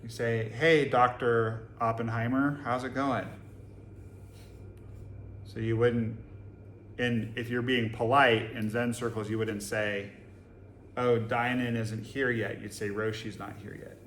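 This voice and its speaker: A Zen teacher from Boston, USA, gives a dharma talk to a live audience in a meditation hall, casual and joking with plenty of rhetorical questions. His voice is on the low side, a bit bright, unhurried, and has little pitch movement. The room is echoey, with faint ambience and slight background noise.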